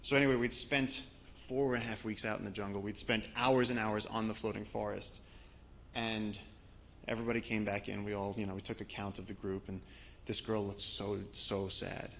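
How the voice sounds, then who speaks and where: Gravelly-voiced man telling a story. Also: fairly low pitch, moderate pace, slight background noise. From Brooklyn, New York. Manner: animated storyteller, voice rising as the story builds. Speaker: expedition guide giving a talk. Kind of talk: live storytelling talk with slides.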